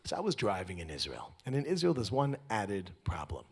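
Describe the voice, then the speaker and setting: A man's voice: lowish voice, wildly swooping pitch, brisk, slightly rough. A man from New York giving a comedic motivational talk, telling stories with jokes and acted-out quotes. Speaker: speaker.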